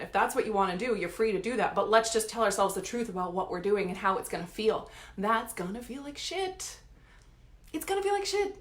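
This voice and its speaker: A woman's voice: on the high side, fairly bright tone, reverberant. A woman coach giving an emphatic, blunt motivational talk straight to her viewers. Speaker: life coach.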